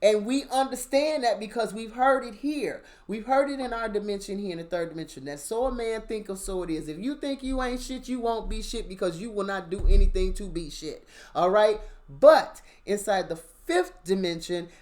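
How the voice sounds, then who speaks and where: A woman, a mother, telling a casual, animated story about her spiritual experiences and checking in with the listener. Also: mid-range voice, normal speed. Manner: animated, conversational, asks listener "you understand?". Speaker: spiritual vlogger.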